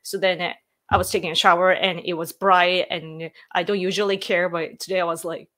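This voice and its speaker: A woman's voice: fairly low pitch, flat delivery, fairly quick, a bit bright. A woman from Japan with a Japanese accent, hosting a casual livestream chat from a room at home, laughing often and filling with "like". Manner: chatty, giggly, filler-heavy, reads out comments. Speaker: livestream host.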